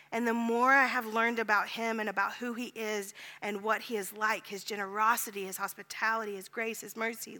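A woman pastor telling a story in a sermon, earnest, dropping to a hush at tender moments. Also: on the high side. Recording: long hall reverb.

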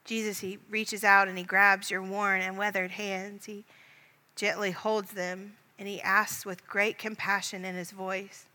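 A woman leading a guided Christian prayer meditation in a gentle, calm voice, speaking directly to the listener as "you". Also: mid-range voice, a little slow, big-room sound. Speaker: prayer leader.

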